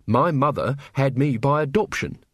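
A man voicing an honest, earnest young male constable who talks calmly and cheerfully. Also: mid-range voice, normal speed, no room sound, clean studio sound.

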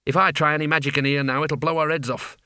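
A man's voice: fairly high pitch, steady tone, quick pace, pushed and bright, smooth. A man voicing a fussy, kindly wizard who talks solemnly and soothingly. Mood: brisk.

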